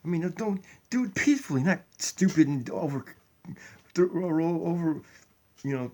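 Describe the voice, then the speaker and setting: Rambling preachy man vlogging at home. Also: fairly high pitch. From United States. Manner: rambling, preachy, restarts a lot. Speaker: YouTube vlogger. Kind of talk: rambling opinion vlog. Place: home kitchen. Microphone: tablet built-in mic.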